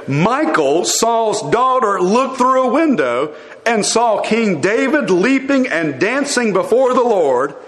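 A man preaching a sermon, earnest and explanatory, asking rhetorical questions and often restarting his phrases. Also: high-pitched. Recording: echoey room.

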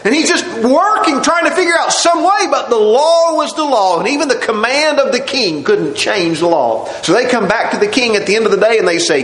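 A man's voice: very high voice, lively intonation, fairly quick, hardly any pauses, a bit bright, echoey room, poor audio. A man preaching a sermon, telling the story dramatically and acting out the scenes.

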